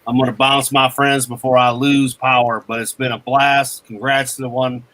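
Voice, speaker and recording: A man in casual podcast chat, saying quick friendly goodbyes to his friends. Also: mid-range voice, flat delivery, a bit bright.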